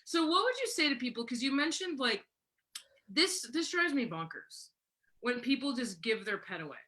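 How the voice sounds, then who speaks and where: Woman, forties, host, bright voice, slightly high, chatty, animated, laughs a lot. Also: normal speed. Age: 40s. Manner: chatty and animated, laughs often, acts out quotes. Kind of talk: casual livestream chat.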